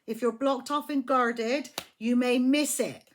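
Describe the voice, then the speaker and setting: A woman reads tarot cards at home in a chatty, emphatic way, with a voice a little higher than most. She swears freely and talks straight to her viewers. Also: steady tone, a little slow. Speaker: tarot reader. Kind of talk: casual tarot reading to camera.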